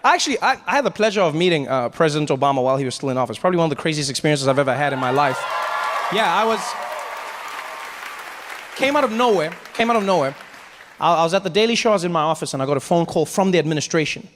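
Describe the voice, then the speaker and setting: A stand-up comedian from Africa telling a story in an animated way, breaking into shouted impressions. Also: male voice, a little high, quick pace, some chatter behind, a little hiss or hum.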